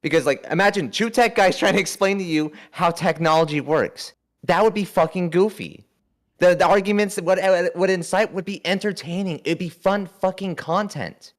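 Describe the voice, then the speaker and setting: High-voiced man, blunt and swearing. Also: moderate pace. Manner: heavy swearing, blunt and apologetic. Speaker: co-host. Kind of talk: casual talk-show chat.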